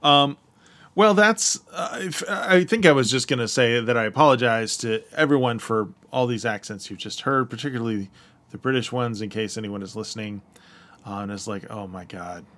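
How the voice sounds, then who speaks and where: A man's voice: medium pitch, moderate pace, a bit bright. An American man co-hosting a podcast, chatting casually, hesitant with many fillers and frequent laughs. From United States. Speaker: podcast co-host. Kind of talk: casual chat.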